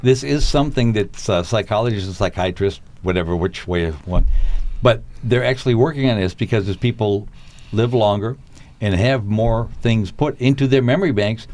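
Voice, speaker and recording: A man's voice: on the low side, moderate pace, darkish tone. A man hosting a casual talk show, laughing often and turning reflective. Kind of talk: casual comedic chat.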